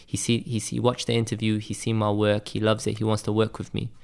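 A man's voice: on the low side, completely flat delivery, fairly quick, creaky, darkish tone, smooth. A man from Wales with a light Welsh accent, telling stories in a loose, chatty interview and filling his talk with "like" and "man". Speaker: graphic designer guest. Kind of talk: casual interview storytelling.

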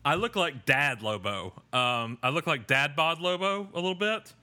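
A man hosting a podcast and walking through an episode recap in a loose, rambling way. He pokes fun at himself as he goes. His voice has a bright, forward edge. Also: fairly high pitch, expressive, normal speed. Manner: rambling, self-deprecating, with many fillers and restarts. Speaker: podcast host. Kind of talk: casual episode recap chat.

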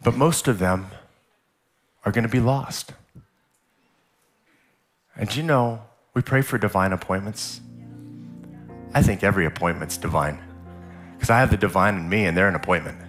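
A man preaching a sermon as a guest pastor, telling a story in a vivid, animated way. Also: lowish voice, moderate pace, pauses often, faint music behind. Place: church service.

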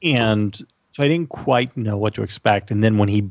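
A man's voice: fairly low pitch, moderate pace, no room sound, highs cut off. A man talking as a podcast guest in casual chat, rambling with restarts and asides. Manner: talkative, with many restarts and asides.

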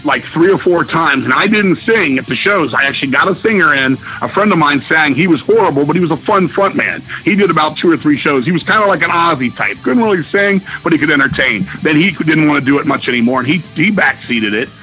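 Middle-aged male musician guest, profane excitable storyteller, bright edgy tone, slightly high voice. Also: quick pace, hardly any pauses, faint music behind, poor audio. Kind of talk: casual storytelling interview.

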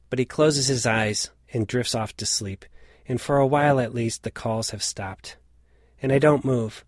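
A man in his late forties reading a reflective personal story in a measured, scripted narration. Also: mid-range voice, steady tone, no echo, studio quality. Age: late 40s.

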